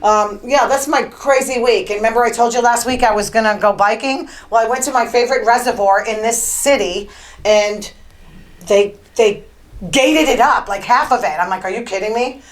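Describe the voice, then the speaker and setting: A woman's voice: a little high, normal speed, poor audio. A woman hosting her own show, telling rambling stories about her week in a chatty, casual way with lots of fillers. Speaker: podcast host. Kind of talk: casual monologue.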